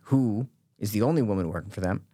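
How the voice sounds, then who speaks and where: A man co-hosting a podcast in casual chat, ranting in an animated way, swearing and often tagging his points with "right?" and "I'm just saying". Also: lowish voice, fast talker, husky, dry recording, clean studio sound. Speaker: podcast co-host.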